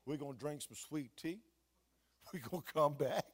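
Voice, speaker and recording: A man voicing a kind older gentleman who speaks softly and gently, in a sermon story. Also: fairly high pitch, normal speed, slightly rough. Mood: reassuring.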